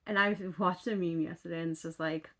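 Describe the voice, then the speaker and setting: A woman's voice: on the low side, steady tone, fairly quick, a bit bright. A young woman from western Canada chatting casually to camera, rambling and full of fillers and asides. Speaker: vlogger. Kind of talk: casual chat.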